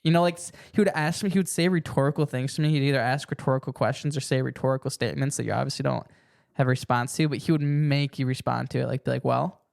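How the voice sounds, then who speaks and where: A man's voice: medium pitch, steady tone, quick pace, creaky. A young man hosting a casual podcast chat, rambling with restarts and acting out quoted lines. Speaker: podcast host.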